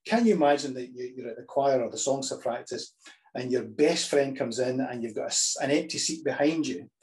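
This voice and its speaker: A man teaching healthy, lively choral singing, talking through the ideas and breaking into sung examples with frequent restarts. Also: mid-range voice, brisk. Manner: demonstrates phrases by singing, restarts often.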